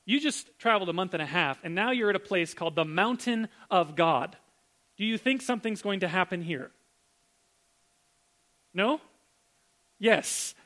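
A man with a notably high voice preaches a sermon. He talks in a conversational, animated way and keeps asking his listeners questions. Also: normal speed, pauses often.

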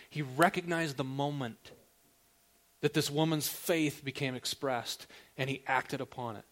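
A man preaching a sermon as a pastor, talking in a relaxed, conversational way and asking the listeners direct questions. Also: medium pitch, measured pace.

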